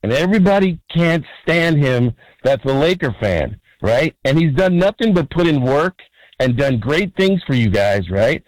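Male radio caller, slightly high voice, dry sound, rambling, restarts often. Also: expressive, normal speed, no room sound, low-quality recording. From California. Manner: rambling, full of fillers and restarts, keeps asking "right?". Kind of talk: phone-in call.

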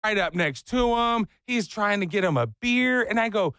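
A man with a raised, gravelly voice spins a casual comic story. He jumps into other people's voices as he quotes them. The sound is dry and close. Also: sits high, normal speed, no room sound, faint music behind. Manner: animated, acts out voices in quotes.

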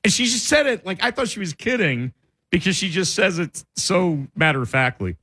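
A man's voice: high voice, normal speed, breathy edge. A man co-hosting a radio show, telling stories in casual banter and often breaking into laughter. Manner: laughing storyteller, animated. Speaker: radio co-host. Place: radio studio.

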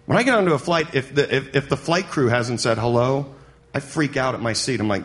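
A man's voice: mid-range voice, brisk. A man doing stand-up comedy, talking conversationally and yelping his punchlines. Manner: conversational, jumps to yelped punchlines. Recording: noisy comedy club recording.

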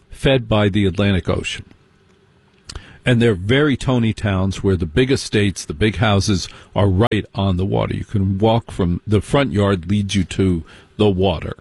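A man telling a personal story as stand-up comedy, wry and mocking, slipping into quick impressions of other people. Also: fairly low pitch, a little mellow, husky, no room sound.

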